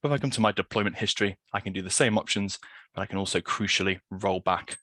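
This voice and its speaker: Low-voiced guy rattling through a software demo, dry close sound. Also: quick pace, no room sound. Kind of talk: fast live product demo.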